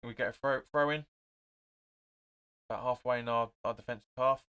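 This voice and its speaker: In a smooth, medium-pitched voice at a moderate pace, a young man runs a live football watch-along. He calls plays in brief bursts, shares comments from viewers, and grows excited, cursing at his side.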